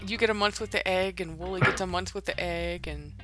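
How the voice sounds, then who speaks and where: A woman's voice: lowish voice, fairly even intonation, brisk, a loud crowd. A woman chatting casually while playing a building game, musing aloud with hesitant asides and giggles. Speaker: Minecraft let's-play host. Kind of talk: casual gameplay chat.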